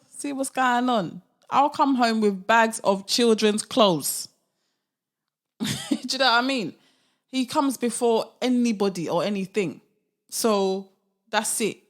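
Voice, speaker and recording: A young woman hosting her own podcast, talking casually and animatedly, often laughing and asking rhetorical questions. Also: mid-range voice. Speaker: podcast host. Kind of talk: casual solo podcast monologue.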